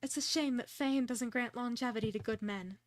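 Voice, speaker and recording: Haughty society widow, slow and theatrical, voiced high and bright by a woman. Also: dry recording, lightly acted. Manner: slow, theatrical, self-important.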